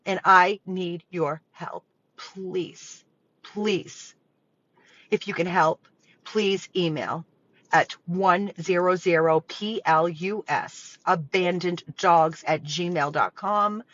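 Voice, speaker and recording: A woman's voice: fairly low pitch, takes it slowly, a bit bright, highs cut off. A woman who runs a dog rescue, making an emotional, pleading appeal straight to her viewers from the rescue property. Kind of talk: impassioned direct appeal to viewers.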